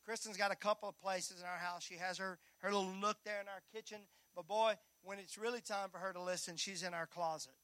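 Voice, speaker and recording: A high-voiced man preaches a sermon, bright and forceful in tone. He swings from loud rallying calls down to hushed, near-whispered lines, dropping folksy jokes to his congregation. The sound is close and dry. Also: dry recording. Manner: folksy, joking asides to the congregation. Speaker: pastor.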